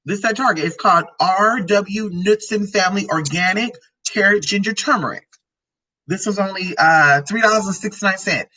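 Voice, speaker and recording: A woman's voice: mid-range voice, normal speed, bright, forceful tone, low-quality recording. A transgender woman vlogging casually about drinks and food, sassy and profane, rambling from one tangent to the next. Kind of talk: casual product-review vlog.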